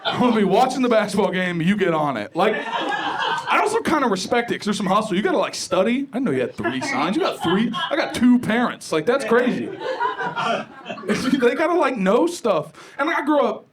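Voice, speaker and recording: Lively young comedian on a club stage. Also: male voice, high-pitched, normal speed. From Ohio. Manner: animated, conversational, acts out voices of others. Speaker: stand-up comedian. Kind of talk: stand-up comedy set. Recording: live club recording with loud crowd noise. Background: loud audience laughter.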